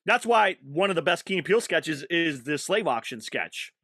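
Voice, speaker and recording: A man who is a stand-up comedian, chatting casually on a podcast, animated and laughing often with quick asides. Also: fairly high pitch, no room sound, studio quality.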